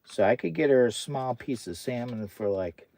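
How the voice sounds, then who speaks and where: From a hot tent on a camping livestream, an American man chats casually in an animated, mellow mid-range voice with vocal fry, at normal speed and with no echo. He frequently baby-talks to his dog.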